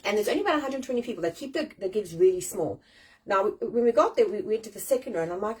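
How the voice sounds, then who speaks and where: Fast-talking South African woman, swearing freely. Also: mid-range voice, slightly rough, poor audio. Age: 40s. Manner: chatty, swears freely, animated and self-deprecating. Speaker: host. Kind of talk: casual live-stream chat. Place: at home. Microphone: phone or webcam on a live stream.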